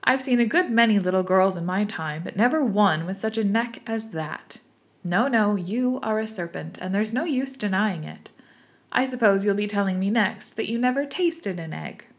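A woman voicing a fretful, shrill female pigeon in a storybook reading, scolding and scornful. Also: lively intonation, moderate pace, lightly acted.

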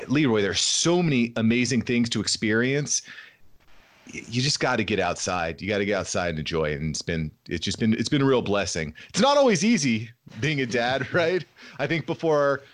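Upbeat man in his thirties, podcast guest. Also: mid-range voice. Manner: upbeat, energetic, laughs easily. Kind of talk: casual interview chat.

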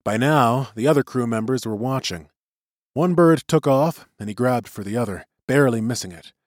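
Man narrating an audiobook, really lively pitch, dry close mic. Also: normal speed, no room sound. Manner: expressive storytelling.

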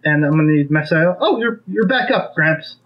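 A man's voice: a little high, animated, a little fast. Lo-fi game master man calling saves. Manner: matter-of-fact rulings, calls for saves. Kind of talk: running a tabletop game over voice chat.

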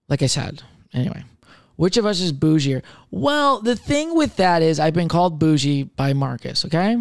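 A man's voice: a little high, lively intonation, moderate pace, no echo, studio quality. A young man hosting a comedy podcast on his own, chatting loosely, rambling, swearing freely and laughing at himself. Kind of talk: casual solo chat.

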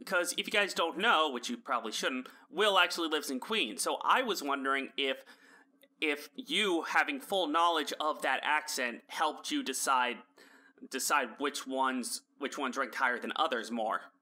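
A man hosts a casual podcast, chatty and full of quick asides and restarts. His voice is very bright and a little high. He talks in an easygoing, conversational way. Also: expressive. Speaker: podcast host.

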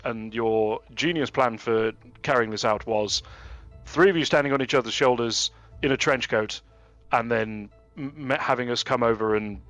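A man's voice: medium pitch, fairly bright tone, dry recording, natural voice. A man playing an exasperated male adventurer who talks with dry sarcasm and many hesitations. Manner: hesitant, full of fillers, sardonic.

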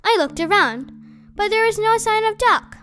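A woman reading a children's novel aloud in expressive first-person storybook narration. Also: very high voice, moderate pace, soft background music. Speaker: audiobook reader.

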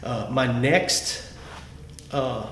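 A man's voice: mid-range voice, extremely slow, a bit bright. A man on a podcast, talking casually and with enthusiasm about favorite songs, often restarting his sentences. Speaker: podcast host. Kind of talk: casual music chat. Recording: echoey room, faint background noise.

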